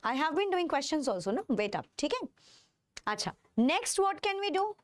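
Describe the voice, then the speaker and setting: A woman's voice: high voice, sing-song, no room sound. A woman with an Indian English accent teaching chemistry in a live online class, stretching key terms and checking in with her students again and again. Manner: drawn-out stressed terms, constant check-ins with students.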